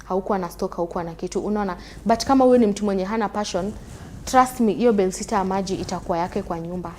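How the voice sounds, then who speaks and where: Kenyan lady host, talks real quick, keeps asking unaona, average pitch. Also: darkish tone, slight background noise. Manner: fast, tags sentences with "unaona?". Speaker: talk show host. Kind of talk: casual chat mixing Swahili and English.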